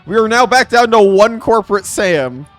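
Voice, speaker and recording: A young man streaming a game live, chatting to his viewers in an excitable, playful way. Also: high-pitched, moderate pace, soft background music. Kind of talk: live game commentary with chat.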